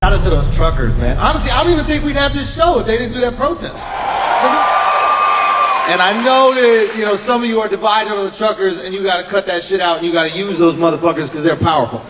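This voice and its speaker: A man performing a stand-up routine in a club, ranting and shouting his punchlines. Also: sits high, lively intonation, fast talker, very noisy. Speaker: stand-up comedian. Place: comedy club stage. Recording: live club with loud crowd laughter.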